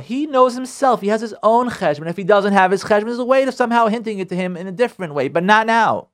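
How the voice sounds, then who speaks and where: A man giving a lively sermon as a rabbi, repeating his phrases and acting out nagging spouses. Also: high voice. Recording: radio broadcast.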